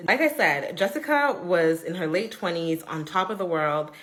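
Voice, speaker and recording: A woman's voice: expressive, moderate pace, few pauses, fairly bright tone. Chatty woman telling a story. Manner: chatty, emphatic, full of "like" and "okay?"; acts out quoted friends with raised pitch. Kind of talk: casual storytelling.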